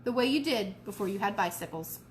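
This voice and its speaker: A woman playing a worried but firm mother in a children's storybook. She speaks softly yet leaves no room for argument. A faint hiss sits behind her. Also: medium pitch, expressive, brisk, close to an everyday voice.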